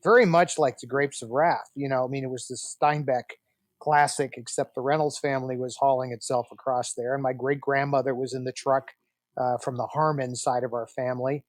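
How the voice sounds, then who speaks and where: This sixty-something man, a guest on a podcast, brings his family tales to life by performing each quoted line. He talks at a brisk clip in a medium pitch, and the clean studio recording carries no room sound.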